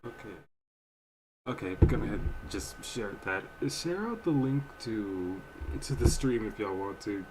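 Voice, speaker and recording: A man's voice: lowish voice, lively intonation, measured pace, over music, rough recording. A young man hosting a livestream, chatting casually in a rambling, emotional, slangy way. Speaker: livestream reaction host.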